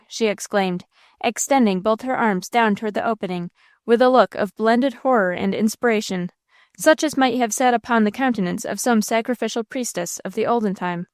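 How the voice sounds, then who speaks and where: A woman narrating a classic novel aloud in a measured, expressive way on a close mic. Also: medium pitch, clear, resonant tone, dry recording. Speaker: audiobook narrator. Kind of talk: scripted audiobook narration.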